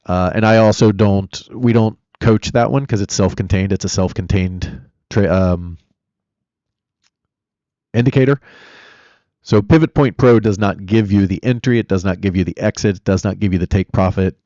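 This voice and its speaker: A man with a low, dark voice talks his way through a live trading stream. He rambles, answers viewers and gives blunt opinions, recorded dry and a little dull. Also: moderate pace, no room sound. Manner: chatty, rambling, answers chat questions. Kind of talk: casual live-stream commentary.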